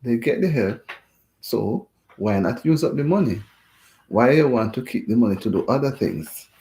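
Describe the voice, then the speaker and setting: A man's voice: mid-range voice, animated, normal speed, dark tone. A man hosting a casual livestream chat, talking in a rambling, indignant way and repeating himself.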